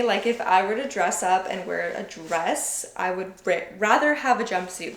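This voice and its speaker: A woman's voice: medium pitch, lively intonation, measured pace, hardly any pauses, a bit bright. A young woman talking at home in a casual vlog Q&A, gushing and chatty, filling her talk with "like" and "super", a little out of breath. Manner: bubbly, gushing, frequent "like" and "super". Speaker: YouTube creator.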